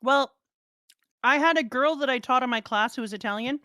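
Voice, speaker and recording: Animated woman telling stories, dry sound. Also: high-pitched, a little fast, dry recording. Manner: animated, acts out quoted voices. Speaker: theater teacher, co-host. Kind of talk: casual chat, storytelling.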